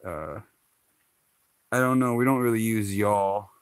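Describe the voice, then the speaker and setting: Slow, low-voiced man rambling casually. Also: smooth, no echo. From Hawaii. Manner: laughs often, rambling with many fillers. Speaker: vlogger. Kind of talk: casual chat to camera.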